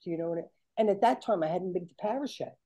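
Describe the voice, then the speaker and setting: An older woman telling stories in a casual, animated chat, acting out the people she quotes. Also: on the low side, fast talker, rough recording. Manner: animated, chatty, acts out quoted voices. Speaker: guest.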